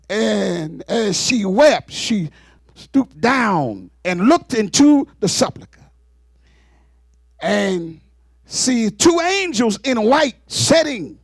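A male preacher delivers a fiery, exclamatory sermon. His high voice leaps and drops widely, shouting and whooping. He takes it slowly, recorded dry and close. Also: very animated, gravelly, breathy edge, no echo.

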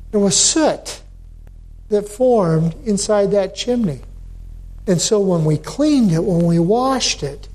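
A man preaching a sermon as pastor, slow and deliberate, with emphatic repetitions. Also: sits high, darkish tone.

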